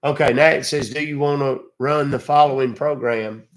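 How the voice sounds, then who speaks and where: A man's voice: mid-range voice, fairly even intonation, moderate pace. An older man on a live call, stalling a scammer in a folksy, exasperated way. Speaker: scam-baiting streamer.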